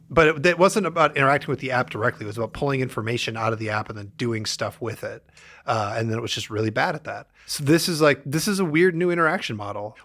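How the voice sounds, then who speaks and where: Man, tech podcast co-host, casual, rambling, wry, medium pitch. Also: a bit bright. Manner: rambling, filler-heavy, wry.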